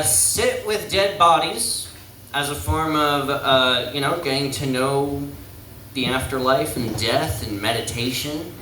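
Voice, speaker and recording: A man's voice: a little high, sharp tone, a little hiss or hum. A young man performing a rambling, self-deprecating stand-up set in a small pub, often trailing off and restarting. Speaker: stand-up comedian. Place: small pizza pub stage. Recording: echoey room, far from mic.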